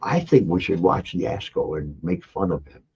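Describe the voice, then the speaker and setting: An older man hosting a casual livestream, teasing and reading out viewer comments with lively energy. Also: low voice, moderate pace, vocal fry, slight background noise. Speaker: livestream host. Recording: dull lo-fi audio.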